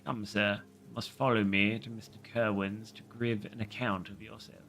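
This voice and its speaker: A man's voice: fairly low pitch, level tone, normal speed, gravelly, a bit bright, faint music behind. A man voicing a blunt, ill-looking local man with a put-on rural accent in a storybook reading.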